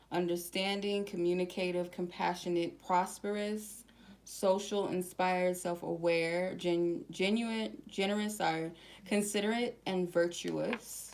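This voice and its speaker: A woman's voice: fairly low pitch, darkish tone. Chatty woman giving a tarot reading. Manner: chatty and slangy, reads card keywords slowly one by one. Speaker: tarot reader. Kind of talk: casual tarot reading for viewers.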